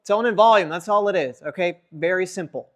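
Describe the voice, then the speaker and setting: A man coaching public speaking in an energetic workshop lesson, swinging between loud and soft to demonstrate. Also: high-pitched, fairly quick.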